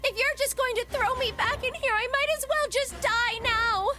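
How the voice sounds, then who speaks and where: A frightened young girl, sobbing and desperate, in a video game. The voice is extremely high. Game music runs underneath. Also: normal speed, bright, forceful tone. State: crying. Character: terrified ten-year-old girl trapped, sobbing.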